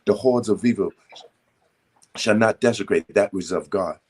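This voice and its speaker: A man in a prayer circle slowly and deliberately reciting spiritual decrees, stumbling over his first words. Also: on the low side, husky. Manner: slow, deliberate, emphatic recitation with stammered starts.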